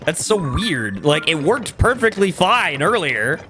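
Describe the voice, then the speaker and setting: A man's voice: on the high side, big pitch swings, measured pace, pushed and bright. Joking young man streaming a game. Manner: joking, chuckles often, talks to chat. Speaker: live-streaming gamer. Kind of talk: casual live-stream chat while playing. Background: game music.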